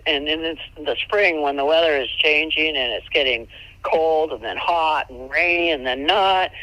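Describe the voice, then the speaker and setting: A woman mule trainer giving casual, folksy advice, chatty and quick to laugh, sometimes jumping into high, playful tones. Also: pushed and bright, no echo, dull audio. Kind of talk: casual instructional chat.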